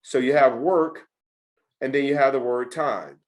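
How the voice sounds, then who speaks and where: A man's voice: mid-range voice, unhurried. A middle-aged man teaching a test prep session to students, talking emphatically and repeating his key points. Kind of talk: lecture to students.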